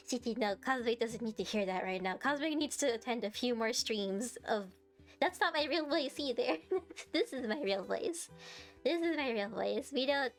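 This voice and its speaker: A woman's voice: fairly high pitch, lively intonation, normal speed, faint music behind. A young woman streamer, bubbly and giggly, chatting and playfully teasing her viewers on a live stream.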